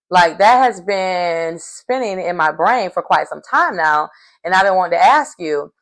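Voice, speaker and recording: A woman's voice: fairly low pitch, a little slow. A woman vlogger casually recapping a reality show episode, telling it animatedly and acting out quotes. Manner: animated storytelling, acts out quotes.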